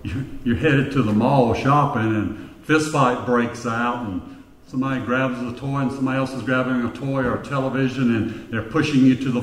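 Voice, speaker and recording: A male pastor preaching a sermon, telling stories in a measured way with quiet reflective asides. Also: mid-range voice, far from the mic. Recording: echoey hall with long reverb.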